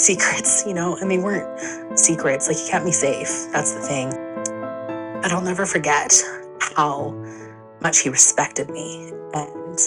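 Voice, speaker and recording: A woman who works as a counselor, speaking gently and reflectively in a heartfelt tribute, with soft laughs between phrases. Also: on the low side.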